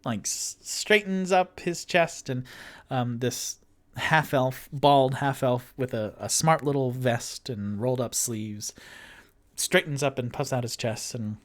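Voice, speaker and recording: A man's voice: mid-range voice, slow. A man narrating a solo tabletop game as game master, meandering with many ums and restarts. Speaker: game master and sole player.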